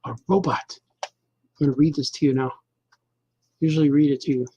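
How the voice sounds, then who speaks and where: A man's voice: fairly high pitch, steady tone, a little fast, dark tone, husky, dry recording, muffled recording. A middle-aged man hosting a casual show as a cartoonist, rambling and joking loosely, half talking to himself while he draws. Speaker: cartoonist and podcast host.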